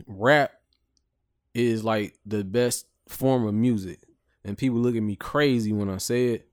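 A laid-back man co-hosts a casual podcast, often tossing in "you know what I'm saying." His lowish voice moves at a measured pace in clean studio sound with no room noise.

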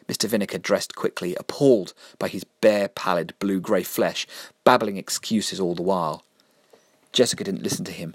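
A man reading a dark story aloud in a steady, measured narration. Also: low-pitched, no echo, clean studio sound.

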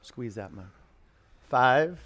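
A man's voice: mid-range voice, animated, takes it slowly, a bit bright. A man leading a live yoga class, calling poses, counting down holds and encouraging students. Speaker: yoga instructor.

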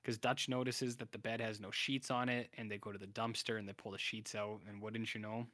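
A man co-hosting a podcast recaps a TV series in casual chat, rambling with lots of ums, uhs and restarts. His voice is lowish and flat, a little fast, pushed and bright, in a dry, studio-quality recording.

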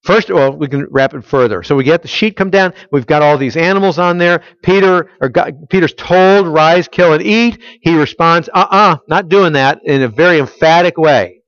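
A man's voice: on the high side, normal speed, dry recording, lo-fi sound. A man preaching a conversational sermon, emphatic and full of rhetorical questions to his listeners. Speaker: pastor. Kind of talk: expository sermon.

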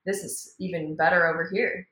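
A woman guest on a podcast, loud and lively as she talks about her family's life. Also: fairly low pitch, moderate pace. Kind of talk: casual podcast chat. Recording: echoey room.

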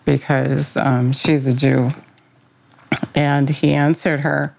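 A woman's voice: sits low, flat delivery, takes it slowly, vocal fry, darkish tone, low-quality recording. A woman giving an informal devotional talk, earnest and conversational, opening with a prayer and speaking about her faith. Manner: earnest, conversational, with fillers and self-corrections.

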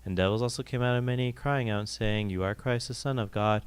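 A man reading a gospel passage aloud during a prayer service, in a brisk, steady manner. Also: medium pitch, clean tone. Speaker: scripture reader.

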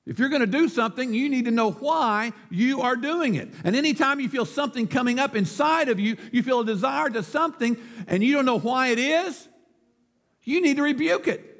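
A man's voice: extremely high pitch, brisk, fairly bright tone. A male pastor preaching a sermon, emphatic and declamatory, firing rhetorical questions, with long church reverb.

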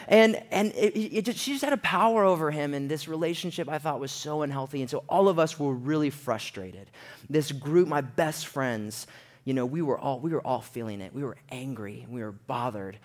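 A man's voice: on the high side, fairly quick. A young man telling a personal story in a sermon, acting out the quoted voices as he goes. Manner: animated storyteller, acts out quotes in a raised voice.

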